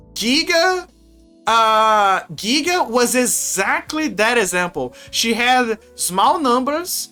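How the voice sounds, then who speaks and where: A man streaming, chatting casually in a rambling, animated way with frequent restarts and laughs. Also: high-pitched, clean tone. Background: faint music.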